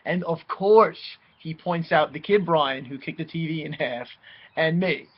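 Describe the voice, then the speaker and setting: A young man tells a wild personal story in a casual, animated way, cursing freely and slipping into voices for the people he quotes. His voice sits a bit high for a man. The recording sounds dull and lo-fi. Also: unhurried, husky.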